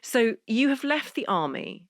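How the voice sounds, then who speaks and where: A woman from Northern Ireland hosting a podcast interview, well-spoken and reflective, asking questions in a measured way. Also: a little high, sing-song, a bit bright, dry recording, clean studio sound. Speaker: podcast host.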